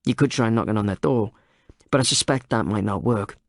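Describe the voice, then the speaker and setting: A man's voice: on the low side, fairly quick, gravelly, no echo, studio quality. A man voicing a brooding male journalist who speaks in a wry, musing way.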